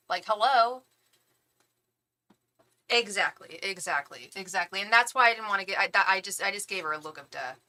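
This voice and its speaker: A woman hosting a live tarot stream, telling a story in casual, animated chat, acting out what people said and swearing as she vents. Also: mid-range voice, a little fast.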